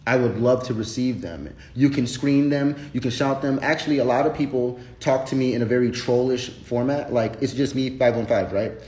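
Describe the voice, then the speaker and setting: Male streamer, blunt and profane, mid-pitched, rambling off the cuff in an echoey room. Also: moderate pace, hardly any pauses, mellow. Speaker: livestream host. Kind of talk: casual unscripted livestream rant. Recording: roomy echo.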